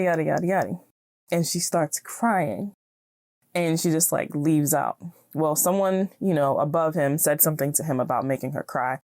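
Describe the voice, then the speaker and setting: Low-voiced woman hosting a chatty podcast. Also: mellow, no room sound, studio quality. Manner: chatty, encouraging, laughs often. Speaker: podcast host. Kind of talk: casual solo podcast talk.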